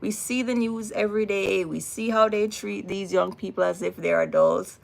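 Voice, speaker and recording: A woman's voice: medium pitch, steady tone, normal speed, vocal fry. A woman with a Jamaican accent hosting a casual livestream, talking emphatically and repeating words for weight. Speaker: livestream host.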